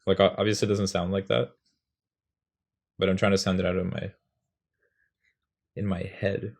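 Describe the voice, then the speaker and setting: Low gravelly young man, rambling. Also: level tone, normal speed. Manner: rambling, self-deprecating, sounding out rhythms aloud. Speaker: poetry tutorial host. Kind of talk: casual self-mocking explanation.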